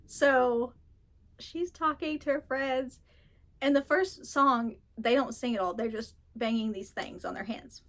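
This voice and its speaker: A woman's voice: a little high, normal speed, fairly bright tone. A woman in her thirties chatting casually in a book vlog, telling stories and laughing often. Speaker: book vlogger. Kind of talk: casual chat.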